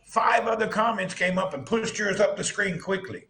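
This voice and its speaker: A man's voice: sits high, normal speed, gravelly, bright, forceful tone. A man hosting a casual live stream, joking and teasing his guests.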